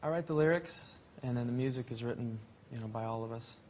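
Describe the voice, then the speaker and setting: A man's voice: mid-range voice, quick pace. A man guesting on a talk show as a rock musician, hesitant, with short answers and many restarts. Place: TV studio with live audience. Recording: dull TV sound, faint hiss.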